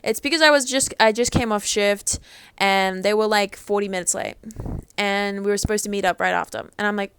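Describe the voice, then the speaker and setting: A woman's voice: mid-range voice, fairly even intonation, a little fast, fairly bright tone, slight background noise. A young woman vlogger talking casually to camera, rambling with lots of "like" and freely swearing.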